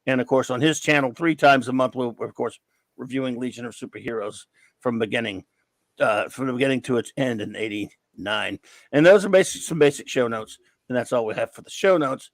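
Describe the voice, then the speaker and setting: A man's voice: medium pitch, brisk, no echo. A man with a Cajun accent hosting a casual livestream chat, talking in a playful, rambling, jokey way. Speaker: podcast host.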